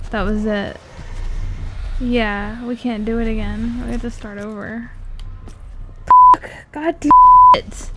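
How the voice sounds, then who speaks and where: A young woman playing a video game with friends, chatting casually, swearing a lot and ranting in exasperation. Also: on the high side. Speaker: gamer. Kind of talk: casual gaming chat. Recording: noisy game capture audio.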